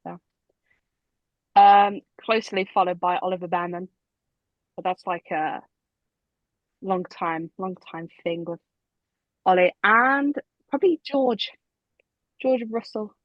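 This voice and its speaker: A woman's voice: mid-range voice, slow, long pauses, no room sound. A woman co-hosting a podcast in casual chat, eager and gushing. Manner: enthusiastic, fangirling. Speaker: podcast co-host. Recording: dry, dull lo-fi mic.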